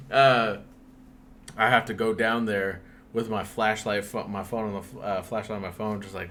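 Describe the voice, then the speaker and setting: A man's voice: on the low side, fairly even intonation, moderate pace, fairly bright tone. A young man casually telling a spooky story on a podcast, swearing often and breaking into laughs.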